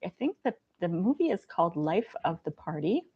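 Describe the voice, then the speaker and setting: Gentle chatty woman livestream host. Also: fairly low pitch, big pitch swings, normal speed, husky, muffled recording. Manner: gentle, chatty, laughs often. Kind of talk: casual livestream chat.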